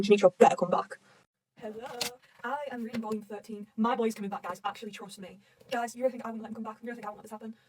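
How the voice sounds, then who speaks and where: A woman's voice: medium pitch, mellow, distant mic, poor audio. A young woman gushing and rambling through a manga recap, swearing constantly. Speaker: manga reader reacting. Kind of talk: excited recap chat.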